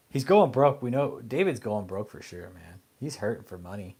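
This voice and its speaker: A man's voice: lowish voice, animated, normal speed, hardly any pauses, a little mellow, breathy edge. Profane, angry man ranting. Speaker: online commentary host. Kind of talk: casual profane rant.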